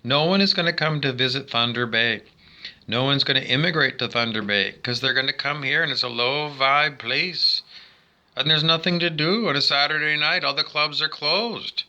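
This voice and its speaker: A man's voice: fairly high pitch, moderate pace, bright, forceful tone. A man delivering a rambling monologue as a spiritual vlogger, talking indoors by a window, insulting listeners and repeating "I don't know" over and over. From Canada.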